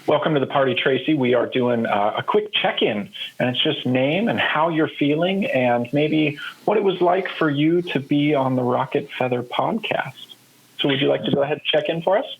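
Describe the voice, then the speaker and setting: A man co-hosting a podcast, moderating a check-in with friendly, brief prompts and a husky voice. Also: a little high, normal speed, dull audio.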